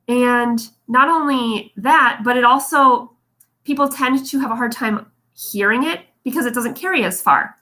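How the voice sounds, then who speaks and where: A woman's voice: a little high, measured pace, bright, forceful tone. A young adult woman vocal coach giving a casual livestream lesson, chatty and encouraging.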